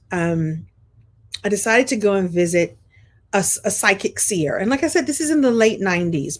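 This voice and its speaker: A middle-aged woman from Brooklyn tells a story to her online group. She is chatty and animated, with restarts and frequent throat clearing. Her sinuses sound congested. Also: mid-range voice. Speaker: host of a coaching program.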